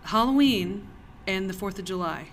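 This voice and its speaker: A woman co-hosting a podcast in a cellar, telling stories in casual chat as an animated storyteller who laughs often. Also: mid-range voice, moderate pace, a little hiss or hum. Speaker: podcast co-host.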